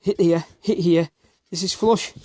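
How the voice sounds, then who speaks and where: This Northern English man from England has a voice that sits high, with fairly even intonation and a slightly slow delivery. A little out of breath, he talks bluntly through his woodworking, muttering as he goes and occasionally swearing mildly. Behind him you clearly hear the workshop: planing, rubbing and wood noises.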